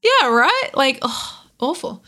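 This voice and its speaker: A young Australian woman chatting casually on a podcast, animated and laughing, acting out characters' lines as she retells a game. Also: high-pitched, slow. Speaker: podcast guest.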